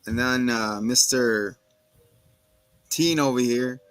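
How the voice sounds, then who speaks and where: A man's voice: medium pitch, slow, fairly bright tone, clean tone, dry recording. A man co-hosting a casual chat, animatedly retelling a TV episode and acting out the characters' lines. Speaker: podcast co-host recapping a TV episode.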